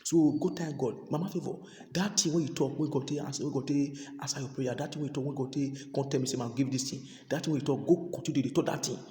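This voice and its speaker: Fast-talking Nigerian preacher in echoey hall. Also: male voice, medium pitch, steady tone, mellow. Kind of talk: sermon in Pidgin.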